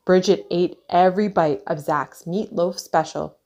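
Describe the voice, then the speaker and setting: A woman's voice: fairly low pitch, measured pace. Woman reading a kids' picture book aloud. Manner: clear, expressive read-aloud. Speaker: storyteller.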